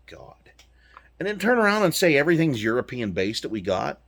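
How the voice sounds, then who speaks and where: Sitting in his truck, an American vlogger rants angrily at his viewers, swearing in a heated, punchy way. His fairly high voice is sing-song, slightly rough and full of vocal fry, at a normal speed.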